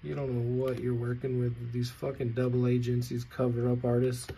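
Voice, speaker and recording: A man's voice: medium pitch, monotone, normal speed, gravelly, dark tone, husky. A man ranting in a vlog, angry and sarcastic, swearing heavily. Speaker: vlogger.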